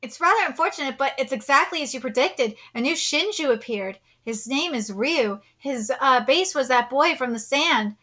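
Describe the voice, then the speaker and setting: A woman reading the lines of a weary male ninja strategist in a calm, measured way, a little lower than her own voice.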